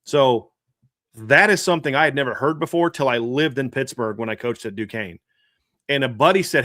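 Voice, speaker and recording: A man's voice: mid-range voice, moderate pace, pushed and bright, dry recording. Southern guy rambling about football on a podcast, dry close sound, keeps restarting. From American South. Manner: rambling, restarts, laughs often. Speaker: co-host. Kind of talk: casual sports podcast chat.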